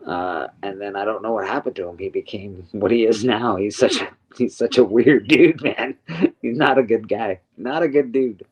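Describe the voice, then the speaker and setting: A man's voice: lowish voice, normal speed, husky, muffled recording. A man hosting a casual podcast chat, laid-back, laughing easily and swearing casually. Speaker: podcast host.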